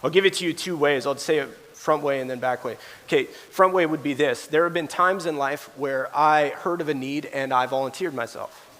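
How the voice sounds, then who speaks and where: A man preaches a sermon in a high, lively voice, animated as he acts out quoted voices. The sound carries a long reverb trail from a large church hall. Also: moderate pace, few pauses. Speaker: pastor.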